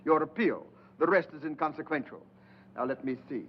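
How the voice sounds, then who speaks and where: An actor playing a fussy, pompous screen-test director who coaxes briskly and condescendingly. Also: male voice, on the high side, animated, slight background noise, natural voice. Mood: coaxing. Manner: brisk, condescending, "old boy" coaxing. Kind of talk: 1940s film acting. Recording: dull old film soundtrack with music.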